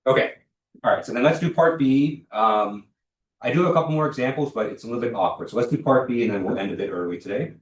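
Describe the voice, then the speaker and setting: A man's voice: mid-range voice, fast. A young man lecturing a university class in a casual, filler-heavy way, often stopping to check for questions. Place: lecture hall. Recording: echoey lecture hall, distant mic.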